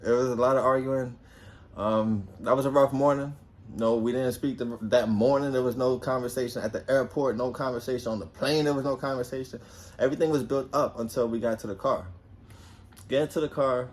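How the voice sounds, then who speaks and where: A young New Jersey guy tells a personal story in a loose, animated way, cursing freely and shouting out the lines he quotes. His voice sits at medium pitch and moves at a brisk clip.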